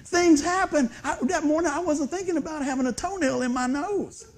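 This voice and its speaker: A man preaching a humorous storytelling sermon in a church, animated and laughing often, breaking into excited whoops. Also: very high voice, fairly quick. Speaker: pastor. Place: church sanctuary before a congregation.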